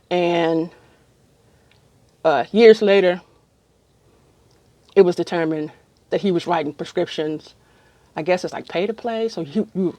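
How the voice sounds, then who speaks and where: A woman's voice: lowish voice, a little mellow, no room sound. A middle-aged woman casually telling a long, rambling story to camera with many ums. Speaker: vlogger.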